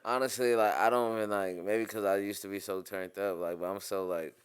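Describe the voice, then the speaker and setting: A man chatting casually as a podcast guest, rambling in relaxed slang. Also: on the low side, brisk, clear, resonant tone.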